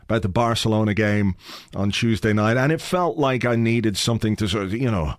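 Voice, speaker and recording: A man's voice: fairly low pitch, a little fast, no room sound, clean studio sound. A man hosting a podcast from his home office, chatting casually in a rambling way, with comic asides and plenty of swearing. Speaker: podcast host. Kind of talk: casual chat. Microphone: home office mic.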